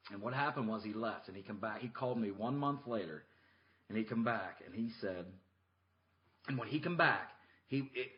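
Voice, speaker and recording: A man co-hosting a podcast, telling a coaching story in a blunt, chatty way with lots of restarts. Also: medium pitch. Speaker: podcast co-host and motocross coach. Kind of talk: casual chat. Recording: muffled lo-fi podcast audio.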